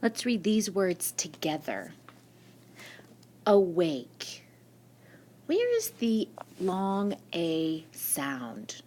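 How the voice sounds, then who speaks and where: A woman teacher works through a spelling lesson at a slow, patient pace, asking her class questions and then answering them herself. Her voice sits a little low, but it rises and falls a lot as she explains each word. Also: huge pitch swings, mellow, slight background noise. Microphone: screen-recording mic.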